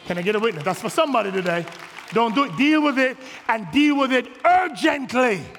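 High-voiced gravelly preacher shouting in church. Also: male voice, lively intonation, brisk, in a large hall, a faint crowd. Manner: impassioned preaching, swelling to shouts, calling on the congregation. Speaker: pastor. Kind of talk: sermon. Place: church sanctuary.

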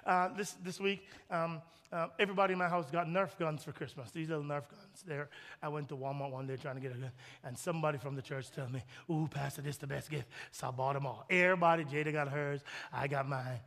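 High, bright-voiced preacher man in a reverberant church. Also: steady tone, fast. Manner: preaching, swings from loud shouted peaks to soft hushed storytelling. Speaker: pastor. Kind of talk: sermon. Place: large church hall. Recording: long hall reverb.

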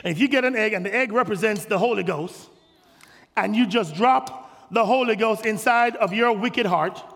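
Man, pastor: high gravelly voice, impassioned sermon in an echoey church hall. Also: moderate pace. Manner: impassioned preaching, swelling to shouts, calling on the congregation. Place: church sanctuary.

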